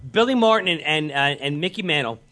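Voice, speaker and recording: A man co-hosting a podcast, telling a story in a loose, rambling way full of ums and restarts. His voice is bright and sharp, and a little high for a man. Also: lively intonation, a little fast. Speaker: podcast co-host. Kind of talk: casual storytelling chat.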